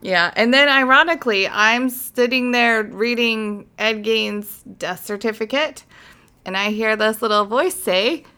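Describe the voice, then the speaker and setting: Woman from utah cohosting a podcast, super bright higher voice, swears a lot, tells stories. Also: measured pace, clean tone. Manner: swears freely, animated storytelling with acted-out quotes. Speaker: podcast co-host. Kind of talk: casual podcast chat.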